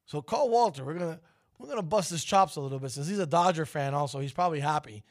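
Animated man hosting morning radio. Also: a little high, fast talker. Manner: animated, playful, teasing. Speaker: radio show host. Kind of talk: casual radio banter.

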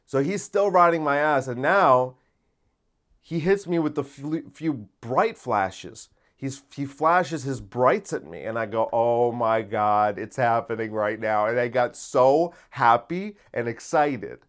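A man hosting a podcast, telling a story in a casual, profane monologue that gets loud and giddy. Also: mid-range voice, animated, takes it slowly. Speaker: podcast host.

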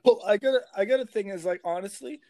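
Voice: mid-range voice, fast talker, darkish tone. A podcast co-host chatting casually, rambling and repeating words while telling the story. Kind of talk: casual chat.

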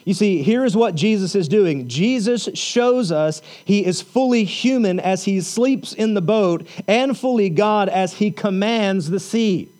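A man's voice: high voice, expressive, measured pace, few pauses, darkish tone. A man preaching a sermon as pastor, earnest and repetitive, reading scripture and building to emphatic points. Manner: earnest preaching with repeated phrases.

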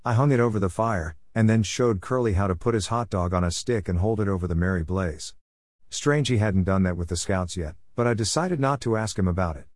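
Low-voiced man reading a story. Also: brisk, a little mellow, dry recording, clean studio sound. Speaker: narrator. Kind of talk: storybook narration.

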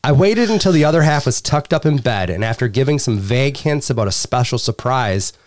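Guy host reading reviews out loud, voice goes all over the place, keeps laughing. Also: medium pitch, expressive, brisk, slight background noise. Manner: laughs often while reading, crude humor. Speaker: podcast host. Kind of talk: casual chat, reading reviews aloud.

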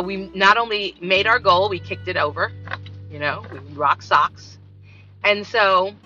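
A woman telling a story from work in a casual monologue and acting out the voices of the people in it. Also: mid-range voice. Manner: animated, acts out voices in her story. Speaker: vlogger. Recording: dull lo-fi sound with faint music.

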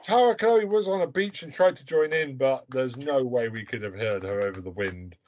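A man's voice: medium pitch, normal speed, darkish tone, dull audio, a little hiss or hum. A man hosting a podcast, talking bluntly and provocatively in crude casual chat. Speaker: podcast host.

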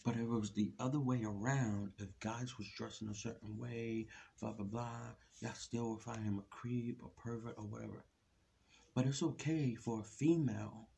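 A man with a dark, gravelly voice delivers a blunt opinion rant alone to his camera. He keeps pressing his audience with rhetorical questions. A faint hiss sits under the recording. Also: medium pitch, fairly even intonation, moderate pace. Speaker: vlogger.

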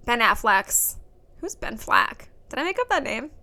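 A young woman co-hosting a casual podcast chat, chatty and playful, with quick mock impressions. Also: on the high side, very animated, vocal fry, pushed and bright. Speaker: podcast co-host.

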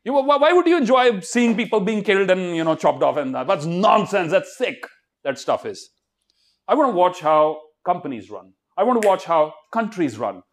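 A man giving a motivational talk to students, animated and constantly quizzing the crowd. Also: high voice, normal speed. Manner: animated, keeps quizzing the audience and leading call-and-response. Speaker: motivational speaker.

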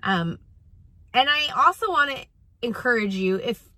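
A woman's voice: on the high side, expressive, a little slow, sharp tone, dry recording. A woman in her forties, a parenting coach and mother, giving casual, earnest advice with frequent restarts while at a track practice.

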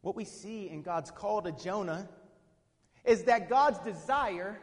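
A man preaching a sermon with dynamic swings from hushed to shouting, asking the congregation questions. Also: high voice, measured pace. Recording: long reverb of a hall.

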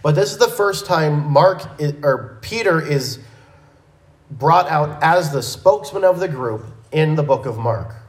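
A man teaching a verse-by-verse Bible lesson in a measured, methodical way, with small restarts. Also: on the high side, expressive, echoey room, low-quality recording.

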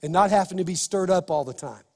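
A male pastor preaching an impassioned sermon, building to shouts. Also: high voice, quick pace, gravelly, in a large hall.

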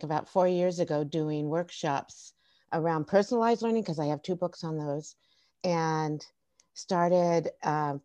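This lowish-voiced woman, middle-aged and formerly a teacher and tech coach, is an animated podcast guest who keeps laughing and restarting as she tells humorous stories in a casual interview. The recording is dry.

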